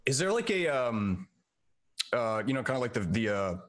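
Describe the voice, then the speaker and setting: A man's voice: mid-range voice, sing-song, normal speed, fairly bright tone. A man playing in a tabletop game, chatting casually and hesitantly with lots of fillers. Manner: rambling, hesitant, many fillers. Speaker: player. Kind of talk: casual chat.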